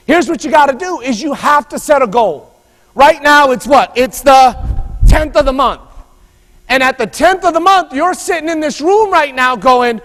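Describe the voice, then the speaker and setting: High-voiced man rallying a conference hall. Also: expressive, moderate pace, a bit bright. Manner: storytelling, rallying the audience with call-and-response. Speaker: motivational speaker. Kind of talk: energetic conference speech. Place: large conference room before a live audience.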